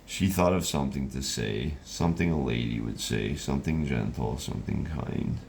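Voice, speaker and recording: A man's voice: rumbling low, normal speed, gravelly, darkish tone, a little hiss or hum. A man narrating a storybook reading in a loose, rambling way with restarts.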